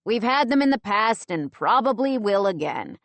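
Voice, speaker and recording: A woman's voice: mid-range voice, big pitch swings, normal speed, dry recording. A woman voicing a grown man, a worried boyfriend who presses and pleads, in an audiobook. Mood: insistent. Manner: pressing, then gently pleading.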